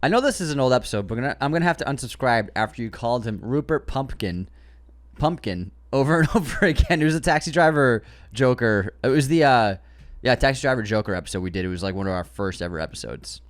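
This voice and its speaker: A man's voice: medium pitch, animated, fast talker. A man co-hosting a movie podcast, reading listener comments aloud in casual chat and laughing often. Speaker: podcast co-host.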